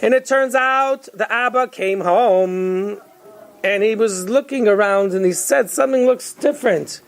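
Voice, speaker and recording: A woman telling a story in a lively, conversational way, with asides to her listeners. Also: mid-range voice, unhurried. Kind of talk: storytelling to an audience.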